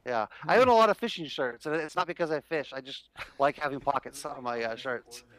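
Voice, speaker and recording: A man co-hosting a sports betting show on a headset mic, relaxed, explaining his tips with many pauses. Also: mid-range voice, low-quality recording. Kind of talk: casual sports talk.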